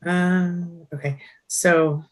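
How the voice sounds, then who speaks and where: Woman host, low voice, reads viewer comments, casual live-stream chat. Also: steady tone. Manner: reads viewer comments aloud, quick agreeing replies.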